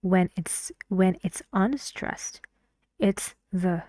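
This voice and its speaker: Woman pronunciation teacher, unhurried and mellow, patient drills, dry close sound. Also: mid-range voice, no echo. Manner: patient, drills words aloud, repeats for emphasis. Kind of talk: language lesson.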